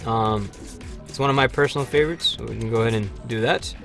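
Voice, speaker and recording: A man hosting a livestream, chatting casually over gameplay with lots of fillers and sudden excited shouts. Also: mid-range voice, quick pace, creaky, faint music behind. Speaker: livestream host.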